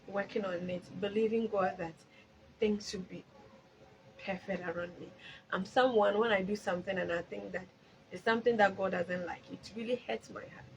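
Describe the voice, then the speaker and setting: A Ghanaian woman hosting a live stream and sharing a personal faith testimony, moving between loud exclamations and soft prayerful speech, slipping Twi phrases in among her English. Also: medium pitch, poor audio.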